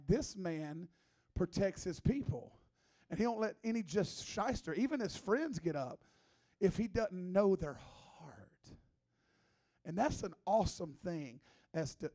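A man in his thirties preaching as a guest, a joking, conversational sermon full of teasing asides. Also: high-pitched. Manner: playful, teasing, lively asides.

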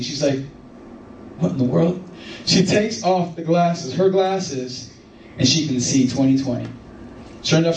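Animated pastor preaching in an echoey hall. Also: male voice, fairly high pitch, slight background noise. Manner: animated storytelling, rising to excited emphasis. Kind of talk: sermon. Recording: echoey room from far off.

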